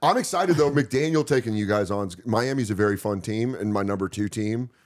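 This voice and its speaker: A man, a guest comedian, chatting casually on a podcast and acting out shouting fans as he tells stories. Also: fairly low pitch, a little fast. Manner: animated storyteller who acts out shouting fans.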